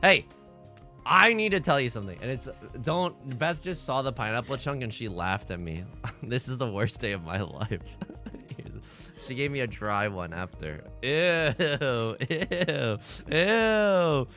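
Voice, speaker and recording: Excitable young man streaming a game. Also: medium pitch, normal speed, soft background music. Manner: excitable, swings from loud outbursts to mumbling asides; laughs often, self-mocking. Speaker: streamer playing online mahjong. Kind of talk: casual livestream chat and commentary.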